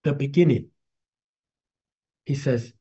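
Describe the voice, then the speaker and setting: Slow, husky man teaching a class. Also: medium pitch, dark tone. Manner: slow, halting, repeats himself while explaining; chants drawn-out syllables to demonstrate. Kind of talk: casual spoken lesson. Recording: dull lo-fi recording.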